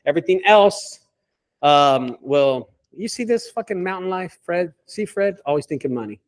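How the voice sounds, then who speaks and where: A man who owns a junk removal business, telling stories in a casual group call with lots of swearing and animated delivery. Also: sits high, normal speed. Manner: profane, animated storyteller.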